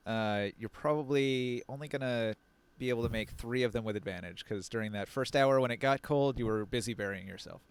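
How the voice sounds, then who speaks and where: A man's voice: mid-range voice, clean tone, no room sound. A man narrating as game master on a live stream, playful and rambling, with laughing asides into a close mic.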